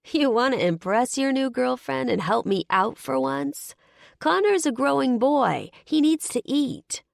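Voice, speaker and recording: A woman's voice: high voice, lively intonation, unhurried, gravelly, no room sound, studio quality, voice pushed up, full character voice. A woman voicing a scornful, snide mother in an audiobook, with a sneering edge. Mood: wheedling. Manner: mocking, snide. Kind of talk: audiobook character voice.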